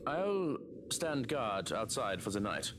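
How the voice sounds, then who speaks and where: A man voicing a calm, protective male servant who speaks in a measured, businesslike way. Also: fairly low pitch, background noise, voice pushed down.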